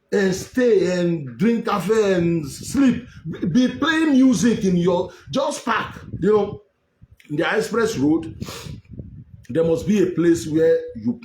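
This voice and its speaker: Heated Nigerian man lecturing, lively pitch. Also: a little hiss or hum. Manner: animated, scolding, repeats himself. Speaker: online political show host. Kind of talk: heated political commentary. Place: home in Europe. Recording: echoey room with faint ambience.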